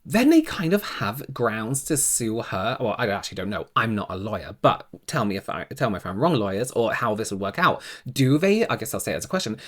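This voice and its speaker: A man's voice: lowish voice, very animated, brisk, hardly any pauses, fairly bright tone. A man hosting a reaction video, talking in a casual, blunt way and swearing freely.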